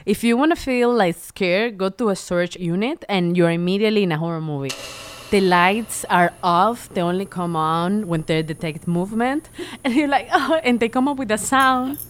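A woman's voice: mid-range voice, normal speed. A woman co-hosting a podcast in a casual chat, blunt and swearing freely. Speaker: podcast co-host.

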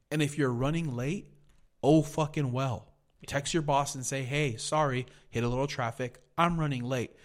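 A man hosting a podcast, telling a heated, profanity-filled story in a casual rant. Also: mid-range voice. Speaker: podcast host.

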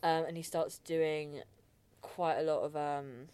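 A young woman hosting a casual podcast, her voice sitting a little low for a woman. She spins stories in a loose, rambling way, with plenty of "um" and "like" and easy laughter. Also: steady tone, slow, darkish tone, smooth, dry recording. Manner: rambling, laughing storyteller with many fillers. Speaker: podcast host. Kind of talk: casual chat.

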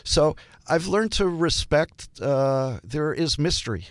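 An older man, a hospital chaplain, telling stories in an interview and acting out the dialogue with lively shifts in voice. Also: on the high side, slow, no room sound. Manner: animated storyteller, acts out dialogue. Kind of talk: storytelling interview.

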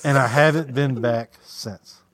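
A man with a Southern American accent, a podcast co-host telling profane stories in casual chat, jumping into loud quoted voices. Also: medium pitch, a little slow, a little hiss or hum. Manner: profane, animated storytelling with loud acted quotes.

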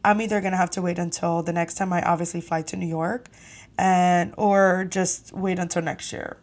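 A young woman hosting a podcast, telling a story casually with lively, profane, exasperated energy. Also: on the low side, moderate pace. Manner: animated, profane, exasperated retelling. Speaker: podcast host.

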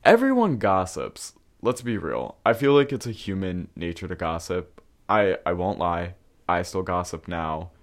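A young man hosting a podcast, telling stories from his past in a candid, casual way, swearing freely and using plenty of fillers. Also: deep voice. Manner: candid and profane, with frequent fillers. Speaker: podcast host. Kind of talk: casual storytelling.

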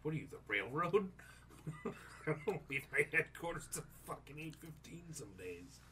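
A man's voice: on the high side, very animated, normal speed, pushed and bright, slight background noise. A man in casual chat, swearing freely and complaining wryly.

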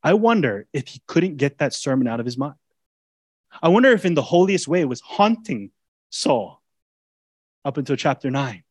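A man preaching a sermon as a pastor, speaking in a conversational way that swings between loud, emphatic lines and quiet, intimate asides. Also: fairly high pitch, big pitch swings, normal speed, long pauses, breathy edge, dry recording. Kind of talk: expository sermon.

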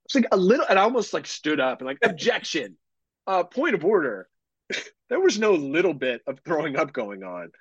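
Husky man telling a rambling story. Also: on the high side, very animated, fairly quick, dry recording, dull audio. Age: 30s. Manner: rambling profane storytelling, many fillers. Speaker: podcast co-host. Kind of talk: casual chat.

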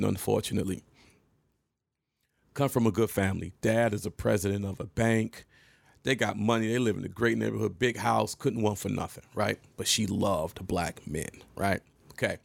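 Middle-aged guy from michigan telling a wild story, gravelly voice, gets loud and animated, dry close sound. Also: medium pitch, dry recording. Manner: animated, emphatic, acts out scenes. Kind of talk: casual storytelling monologue.

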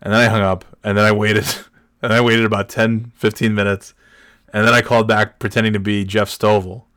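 Animated man telling a story, deep voice. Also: a little fast, smooth, no room sound, studio quality. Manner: animated, swears freely, acts out quotes with big shouts. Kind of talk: casual storytelling.

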